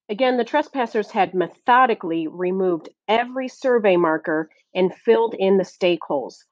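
A woman's voice: mid-range voice, animated, normal speed, few pauses, no echo, dull audio. Woman narrating a storybook, dry sound. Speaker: audiobook narrator. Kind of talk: scripted narration.

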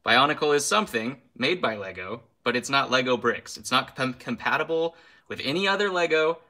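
Young man, bright clear voice, casual live stream host, chatty and ranting. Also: medium pitch, lively intonation, fairly quick. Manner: ranting, then apologetic and laughing; reads viewer names aloud.

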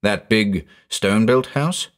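A man voicing an excitable, superstitious middle-aged farmer with a folksy rural American drawl. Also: lowish voice, slow pace. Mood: excited.

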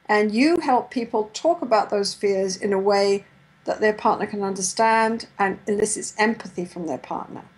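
A middle-aged woman giving a lecture on couple therapy, sometimes acting out therapist and client lines in a gentle voice. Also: fairly high pitch, poor audio. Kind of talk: lecture with role-played therapy dialogue.

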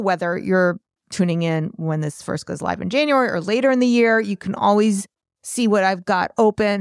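A woman's voice: medium pitch, no room sound, clean studio sound. A woman hosting her own podcast, a chatty and self-deprecating art business coach talking solo.

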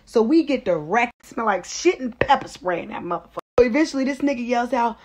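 A young woman telling a comedic storytime in a brash, profane, animated way, acting out the voices of the people in her story. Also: on the high side, fast talker, few pauses.

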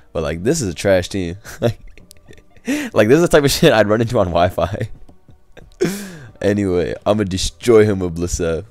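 A man's voice: deep voice, creaky, a little mellow, no echo. A young man casually commentating his own competitive game, laid-back, swearing and laughing as he trash-talks. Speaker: gaming streamer. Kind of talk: casual live commentary over gameplay. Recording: faint background music.

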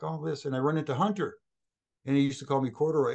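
A middle-aged man, a former wrestling referee, telling animated backstage anecdotes as an interview guest and acting out other people's lines. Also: medium pitch, racing, creaky. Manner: animated anecdotes, acts out quoted voices. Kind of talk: storytelling in a casual interview.

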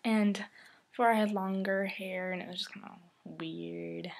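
A woman's voice: medium pitch, fairly even intonation, unhurried, creaky, slight background noise. A teenage girl vlogging casually to her camera, rambling and giggly, often dropping into a whisper. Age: teens.

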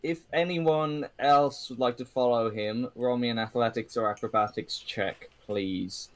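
A man narrating as game master of a tabletop game, halting and full of ums and restarts. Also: medium pitch, no room sound.

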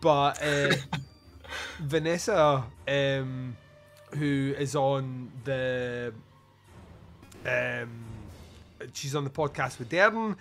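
A man's voice: medium pitch, extremely slow, long pauses, a bit bright, soft background music. A man hosting a podcast, chatting casually about a film. He swears freely, laughs often and rambles. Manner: profane, chuckling, rambling storyteller. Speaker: podcast host. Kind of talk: casual film review chat.

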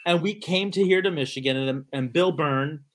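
Animated middle-aged man telling a story. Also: fairly high pitch, normal speed. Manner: animated storyteller who acts out quoted dialogue. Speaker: guest actor and choreographer. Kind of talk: casual storytelling in an interview.

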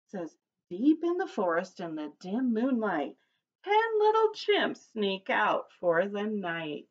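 A woman's voice: medium pitch, big pitch swings, slow, muffled recording. Preschool teacher lady reading a picture book to little kids, singsongy, swoops up and down a lot. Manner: cheerful sing-song teacher voice, leads call-and-response chants. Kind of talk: reading a picture book aloud to young children.

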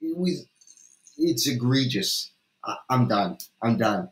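Male game commentator, slow, dramatic, incredulous ranting, profane, echoey room. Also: mid-range voice, animated, pushed and bright. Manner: incredulous, exasperated, swearing and dramatic. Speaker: video creator. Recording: roomy echo.

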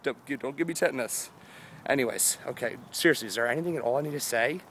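A man's voice: medium pitch, fast talker, a bit bright, slightly rough. A tired young man in his twenties rambling goofily through a daily vlog outdoors, holding the camera himself. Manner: goofy, rambling, jumps between silly voices and mumbles. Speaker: vlogger.

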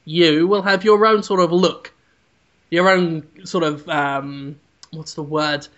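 Slow, rambling man on a podcast. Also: a little high, fairly even intonation, a bit bright, dull audio. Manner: rambling, meandering storytelling. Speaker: podcast co-host. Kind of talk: casual comedy podcast chat.

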